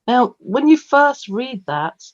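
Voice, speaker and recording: A woman's voice: fairly high pitch, takes it slowly, no room sound. A woman, a featured poet talking through a Q&A in a chatty, rambling way. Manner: chatty, rambling, animated storyteller. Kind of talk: casual Q&A talk about performing poetry. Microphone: video call. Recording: dull lo-fi video call audio.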